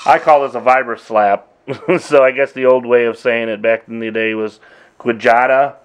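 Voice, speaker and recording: A middle-aged man casually walking through his old drum machine sounds, talking in a relaxed, halting way with frequent pauses. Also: mid-range voice, clean tone. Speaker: drummer demonstrating gear. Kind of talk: casual demo walkthrough.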